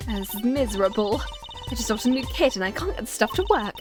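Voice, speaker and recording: A woman's voice: a little high, animated, fairly quick, close to an everyday voice. Woman reading a sulky young forensic detective. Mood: grumpy. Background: game music.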